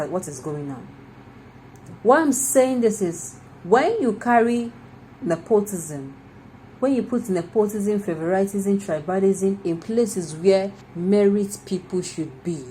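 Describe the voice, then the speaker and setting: A Nigerian woman delivers opinionated news commentary in a low, warm voice. She talks in an animated way, piles up rhetorical questions and drops into Pidgin mid-sentence. Faint noise sits under her speech. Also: poor audio.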